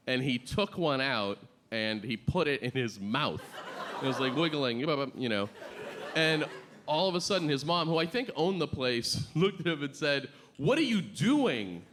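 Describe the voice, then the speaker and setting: A man doing a stand-up set with a halting, deadpan delivery full of fillers and restarts. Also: mid-range voice. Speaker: stand-up comedian. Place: comedy club stage before a live audience. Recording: loud crowd laughter and noisy club ambience.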